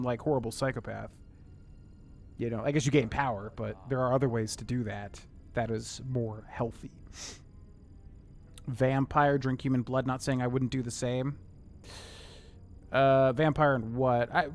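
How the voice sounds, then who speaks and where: A man's voice: medium pitch, fairly bright tone. A young man casually chatting with viewers while streaming a game, rambling with many fillers. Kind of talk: casual gameplay commentary.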